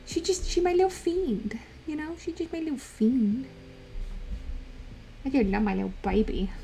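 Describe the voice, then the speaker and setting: A woman's voice: high voice, normal speed, gravelly, warm tone, faint music behind. A woman livestreamer chatting playfully, slipping into doting baby talk and giggling. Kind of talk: casual stream chat.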